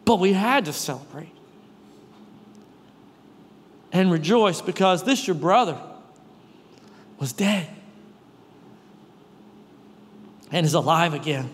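A man doing a quietly disappointed father. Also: high-pitched, expressive, pitched below the performer's own voice. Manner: quiet, slow, heavy with disappointment. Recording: long reverb of a hall.

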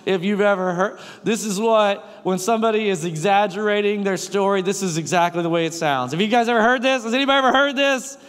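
A man with a very high speaking voice preaches a sermon, firing questions at the congregation and repeating his key lines. His words carry a long reverb from a large hall. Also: quick pace, hardly any pauses, fairly bright tone, clean tone. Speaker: pastor.

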